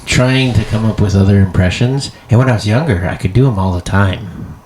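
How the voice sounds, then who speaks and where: A man's voice: on the low side, a little fast, noisy background. A man co-hosting a comedy podcast, chatting casually in a rambling, profane way with frequent restarts.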